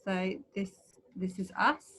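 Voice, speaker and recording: A woman presents an adventure talk over a video call, in a chatty, rambling way full of fillers. Her pitch sits in the middle for a woman. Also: a little slow, a bit bright, slightly rough. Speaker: co-host of an online adventure talk.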